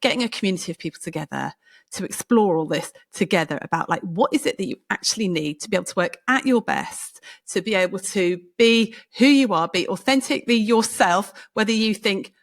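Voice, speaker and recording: Lively woman hosting a podcast. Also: medium pitch, fairly quick. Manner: lively, laughs often, self-mocking. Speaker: podcast host. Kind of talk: casual conversational interview.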